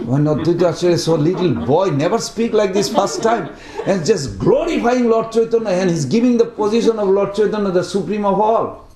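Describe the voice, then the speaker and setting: A man's voice: high-pitched, expressive, brisk, warm tone. A man leading a study group, telling a devotional story in broken English, chanting verses and acting out what the characters say. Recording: roomy echo.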